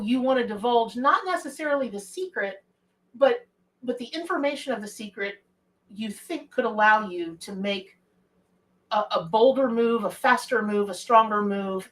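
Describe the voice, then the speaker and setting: A woman's voice: medium pitch, a bit bright, recorded from a distance, low-quality recording. A middle-aged woman, reading tarot on a live stream in a chatty, folksy way and greeting viewers by name.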